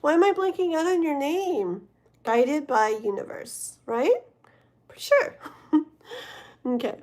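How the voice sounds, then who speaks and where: A woman's voice: high voice, animated, measured pace, darkish tone. Giggly, rambling tarot streamer woman. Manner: rambling, giggly, talks to chat. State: tired, yawning. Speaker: livestream tarot reader. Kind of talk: casual livestream chat.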